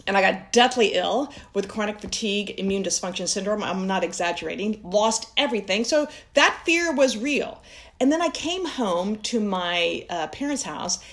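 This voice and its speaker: A woman in her fifties teaching a mindfulness lesson, telling a personal story in an earnest, heartfelt way. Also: mid-range voice.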